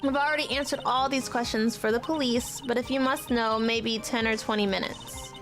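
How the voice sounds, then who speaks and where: A woman's voice: fairly high pitch, fairly even intonation, normal speed, music in the background, lightly acted. A woman voicing a demure, innocent-sounding young female witness in a video game.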